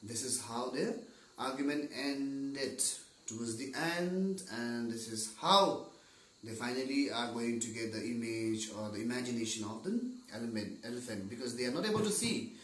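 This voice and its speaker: A man's voice: medium pitch, animated, moderate pace, fairly bright tone. A male teacher retelling a story in an online class lesson, often hesitating and repeating words while he searches for them. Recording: roomy, distant mic.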